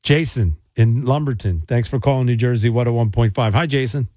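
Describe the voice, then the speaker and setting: A man's voice: medium pitch, a little fast, mellow, dry recording, studio quality. A man hosting a call-in radio show, chatting loosely with many fillers and restarts. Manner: rambling, hesitant with fillers. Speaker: radio host.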